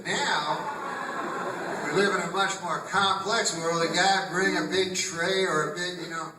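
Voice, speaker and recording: A man doing a stand-up comedy set on a theatre stage, with a rambling deadpan delivery that bursts loud when he quotes people. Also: high-pitched, a little slow, noisy background. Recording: echoey live theatre recording from far off. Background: audience laughter.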